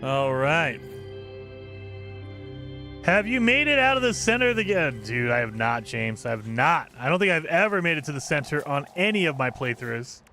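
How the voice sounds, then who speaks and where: A man with a fairly high, bright voice talks loosely with his live chat as he plays. His talk is chatty and full of laughter, with faint game music playing under his voice. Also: expressive, moderate pace. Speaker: game streamer. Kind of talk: casual live game commentary.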